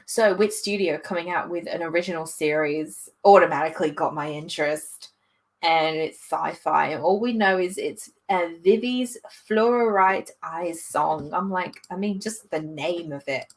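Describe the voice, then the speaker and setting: A woman vlogger chatting casually about new anime, reacting in an excitable, gushing way. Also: lowish voice, moderate pace. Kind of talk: casual chat.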